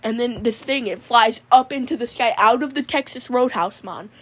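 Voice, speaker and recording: Here a woman's slightly high, fairly everyday-sounding voice moves at a moderate pace. In a comedic monologue, she plays a laid-back, goofy young man with a mullet who rambles in a drawl and calls people "mon" over and over.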